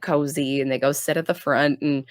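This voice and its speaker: A woman from Canada co-hosting a podcast, casually recapping a TV episode in an animated, filler-heavy way. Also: low-pitched, normal speed, no echo, clean studio sound. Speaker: podcast co-host.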